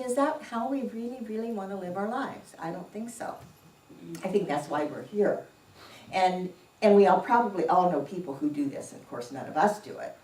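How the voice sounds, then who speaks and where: A woman giving an informal sermon in a church, unhurried and anecdotal, often chuckling as she tells stories. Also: mid-range voice, darkish tone. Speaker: church speaker. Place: church sanctuary. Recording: echoey room, distant mic, faint noise.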